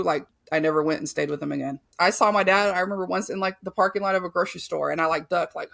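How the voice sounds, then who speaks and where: This is a woman in her thirties with a gravelly, creaky voice, telling her own hard story on a podcast. She is blunt and swears, and her sentences trail off and restart. The tone stays casual and frank. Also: fairly low pitch, fast, few pauses, fairly bright tone. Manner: frank, profane, full of fillers and restarts. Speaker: podcast host. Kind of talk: candid personal storytelling.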